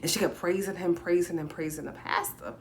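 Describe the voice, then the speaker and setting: A woman in her forties with a low voice tells a personal story on a home livestream. She talks casually, circles back with repeated words and acts out what others said. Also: fairly quick, a little hiss or hum. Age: 40s. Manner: repeats herself, acts out quoted speech.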